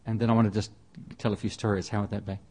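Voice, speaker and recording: A man's voice: lowish voice, flat delivery, very fast, darkish tone. A man preaching a sermon in a conversational way, often restarting and repeating phrases as he reads and explains scripture. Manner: conversational, with frequent restarts and repetition.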